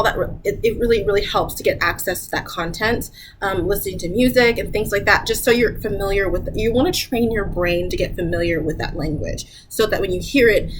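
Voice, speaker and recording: A woman talking casually to camera with travel advice. She is chatty, laughs often and jumps up in pitch when she mimics people. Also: a little fast, few pauses, a little hiss or hum, poor audio. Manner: chatty, laughs often, repeats "I'm gonna tell you right now".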